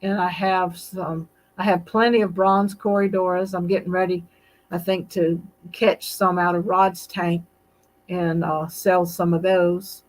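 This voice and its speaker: Slow-spoken older woman hosting a live stream. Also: on the low side, little pitch movement, low-quality recording. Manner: unhurried, gentle, reads chat aloud between stories. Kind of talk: casual live-stream chat. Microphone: computer mic on a live stream.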